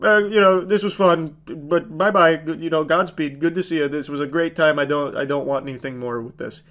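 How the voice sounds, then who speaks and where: Man doing a callous young singer, flat, bored, dismissive, a bit high. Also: a little fast. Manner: flat, unenthusiastic, mocking.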